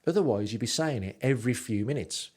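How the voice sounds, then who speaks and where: A podcast host and narrator rambles through his travel stories, mocking himself and saying lots of ums. He speaks quickly in a mid-range voice with a darkish tone.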